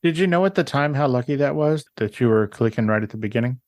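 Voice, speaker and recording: A man's voice: medium pitch, lively intonation, quick pace, a little mellow, dry recording, studio quality. A man hosting a podcast, asking curious questions and giving brief reactions. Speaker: podcast host. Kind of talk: interview questions.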